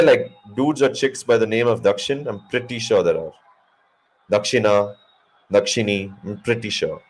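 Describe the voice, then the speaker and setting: A man hosting a casual live cricket watch-along, excitable and joking, cursing freely at the action. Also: fairly low pitch, breathy edge, poor audio. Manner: excitable, swears, jokes. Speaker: live stream host.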